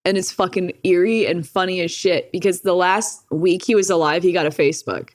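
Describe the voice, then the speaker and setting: Young woman, podcast guest, casual storytelling, swears a lot, frequent laughter, lively quoting. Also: fairly low pitch, a little fast, no room sound, studio quality. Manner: swears freely, laughs often, quotes others vividly.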